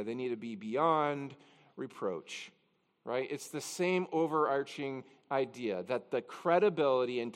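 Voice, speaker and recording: A man's voice: mid-range voice, long reverb tail. A man pastor preaching a conversational expository sermon, with chatty, self-deprecating asides. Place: church sanctuary.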